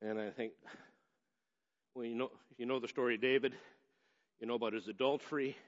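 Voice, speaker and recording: A man's voice: medium pitch, fairly even intonation, fairly quick. A man preaching a sermon in a conversational way that builds to emphatic stretches. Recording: echoey hall, dull lo-fi sound.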